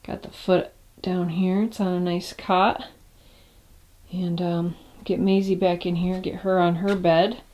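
A woman vlogging in a small cabin, relaxed and unhurried, sometimes dropping to a whisper and talking softly to her dog. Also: lowish voice, highs cut off. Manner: drops to a whisper at times. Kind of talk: casual vlog narration. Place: small off-grid wooden cabin, indoors.

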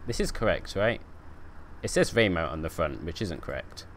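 A man's voice: low voice, animated, normal speed, a little hiss or hum. Chatty guy streaming a game. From United Kingdom. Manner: chatty, joking, talks to chat. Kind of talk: casual gameplay commentary.

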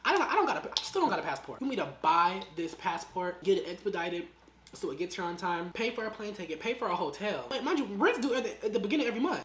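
Fast-talking slangy young woman, roomy echo. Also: mid-range voice, slight background noise. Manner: slangy, animated, acts out quoted lines; eating while talking. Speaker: vlogger telling a story. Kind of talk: casual storytime.

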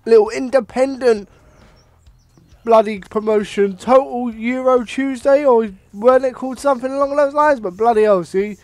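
Young man from Ireland, very high voice, excitable and sweary, game commentary. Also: dry recording. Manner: excitable, swearing, mock ring-announcer bursts. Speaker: gaming commentator.

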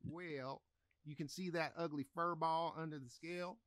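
A man's voice: on the high side, steady tone, normal speed, a bit bright, no echo, close to an everyday voice. An actor playing an adult male teacher lecturing a class in a story game, in a dry lecturing manner. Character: adult male schoolteacher lecturing on Egyptian myth. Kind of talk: video game voice acting.

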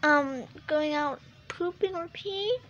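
Female vlogger, high voice, unhurried delivery, casual rambling chat, lots of ums, faint background noise. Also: fairly bright tone, dull audio. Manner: rambling, many fillers and restarts. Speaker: toy collector vlogger.

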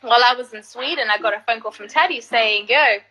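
A woman singer telling stories in an animated, casual way during an interview. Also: fairly high pitch, quick pace, low-quality recording. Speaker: singer and guest artist.

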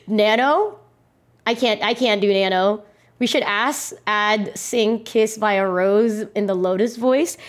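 A young woman streamer chatting casually to her viewers, giggly and excitable, and she swears freely. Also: medium pitch, slow pace. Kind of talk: casual live-stream chat.

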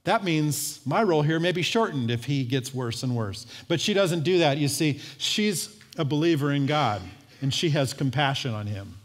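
A man preaching a sermon in a church, his voice a bit higher than most men's. He tells the story with life, slipping into the voices of its people. A long reverb from the hall trails every phrase. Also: moderate pace. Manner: lively storytelling with acted-out voices. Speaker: pastor. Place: church sanctuary.

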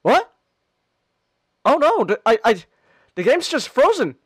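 Guy streaming games, super high voice, slow drawn-out talk, keeps stammering and yelping, faint music behind. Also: no echo. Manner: excitable, stammering, frequent exclamations. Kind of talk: casual gaming commentary.

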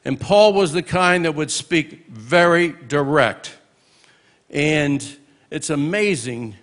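Older man telling warm stories at a memorial. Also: on the high side. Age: 60s. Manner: storytelling, punctuated with exclamations of praise. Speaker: minister giving a eulogy. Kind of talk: memorial tribute speech with humorous anecdotes. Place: church memorial service.

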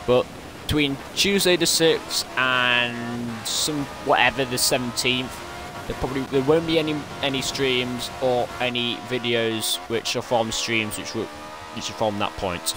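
A man excitedly commentating his own racing game play, breaking into strings of repeated exclamations. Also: medium pitch, a little slow. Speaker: gaming streamer. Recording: game music behind.

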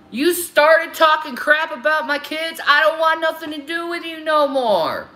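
A woman's voice: sits high, expressive, a little slow, few pauses, bright, forceful tone. A woman ranting on a livestream, furious and profane, confronting her critics head-on. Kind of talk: angry livestream rant.

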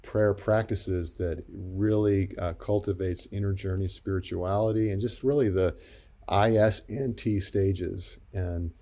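Soft-spoken low-voiced male guest. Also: steady tone. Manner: gentle, reflective, halting with many fillers. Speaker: pastor and psychologist guest. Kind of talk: interview conversation.

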